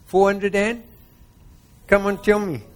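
A man's voice: sits high, level tone, takes it slowly. A man with a South African accent preaching a sermon, quizzing his congregation and retelling a parable.

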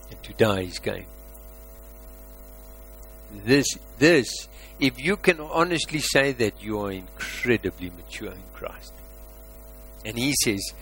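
A man preaching a sermon as a pastor, asking rhetorical questions and swinging between loud emphasis and quiet asides. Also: fairly low pitch, animated, measured pace, a little hiss or hum, rough recording.

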